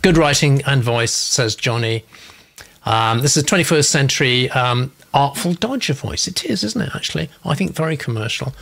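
An English man hosts a relaxed panel discussion over a video call, reading out comments and chuckling along. His voice has a gravelly, creaky edge and sits at a medium pitch. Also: moderate pace. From England. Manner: warm, chatty, breaks into laughs. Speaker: host of a manuscript feedback show. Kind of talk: casual panel chat, reading out viewer comments.

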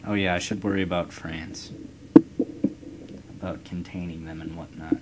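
A young man with a very low voice muses aloud over his strategy game, rambling and swearing as he plans ahead. His desk mic picks up a loud, steady noise under his talk. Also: moderate pace. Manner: rambling, profane, musing aloud. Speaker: let's play gamer. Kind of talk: casual gameplay commentary.

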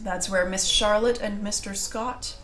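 A woman's voice: medium pitch, steady tone, a little slow, fairly bright tone, soft background music. A woman co-hosting a livestream, chatting playfully with friends. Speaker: livestream co-host. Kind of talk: casual chat.

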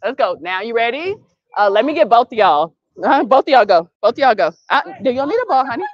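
A woman coaching a youth basketball practice, calling brisk directions and praise and gently correcting the kids. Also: on the high side, big pitch swings, no echo. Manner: brisk, directive calls and encouragement; patient, gentle correction of the group. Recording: dull, dry lo-fi sound.

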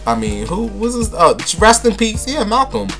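A man's voice: sits high, sing-song, moderate pace, creaky, fairly bright tone, faint music behind. A man hosting a casual celebrity gossip vlog, talking in a sassy, flamboyant, camp way and calling his viewers honey and baby. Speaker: vlogger.

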